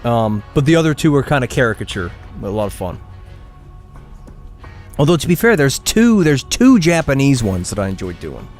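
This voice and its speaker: A man's voice: medium pitch, sing-song, normal speed, a little mellow. Rambly guy streaming a game, voice bounces up and down a lot, faint game music behind. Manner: chatty, rambling, restarts sentences. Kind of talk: casual gameplay commentary.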